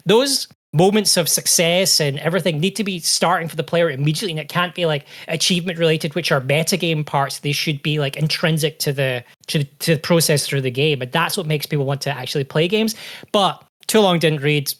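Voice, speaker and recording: A man's voice: on the high side, fairly quick, fairly bright tone. A man with a Scottish accent, talking as a podcast guest in an opinionated, run-on way with many restarts. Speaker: guest game designer. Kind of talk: casual podcast chat.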